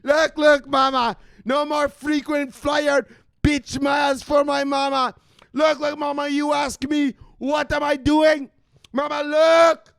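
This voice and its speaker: A man putting on a frantic, over-the-top voice of a grown son shouting excitedly to his mother, in a shrill and repetitive way. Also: creaky, no room sound, full character voice.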